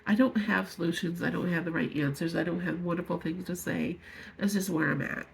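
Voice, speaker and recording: A woman in her fifties speaking to viewers in an emotional personal vlog, angry and tearful, halting as she pours out her feelings. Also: fairly low pitch, fairly even intonation, slight background noise, low-quality recording. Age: 50s. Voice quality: gravelly, very husky voice. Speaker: vlogger.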